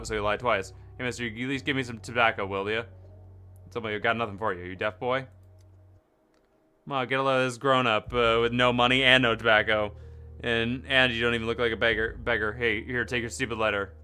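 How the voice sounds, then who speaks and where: A young man streaming a game, reading the characters' lines aloud and breaking off into loud, excited chatter with his viewers. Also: mid-range voice, clear, resonant tone.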